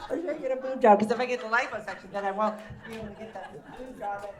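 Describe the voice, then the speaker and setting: A woman's voice: fairly high pitch, steady tone, racing, crowd noise, close to an everyday voice. A woman putting on a chattering teenage girl who rambles breathlessly on the phone. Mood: gushing.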